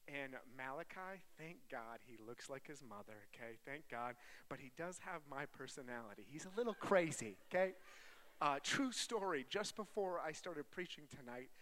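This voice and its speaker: A traveling preacher in his thirties delivers a chatty, joking sermon that turns softly earnest, addressing an audience in a large hall. His voice is fairly high and expressive, at a moderate pace.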